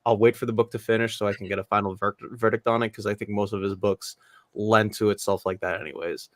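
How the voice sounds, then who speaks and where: A man's voice: on the low side, flat delivery, fast, dry recording, studio quality. A man as a guest in a casual chat, talking eagerly and rambling with fillers.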